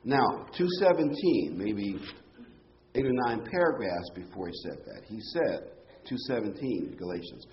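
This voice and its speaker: Animated male Bible teacher. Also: on the low side, unhurried, dull audio, slight background noise. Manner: explanatory, animated, punches key phrases, rhetorical questions. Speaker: preacher.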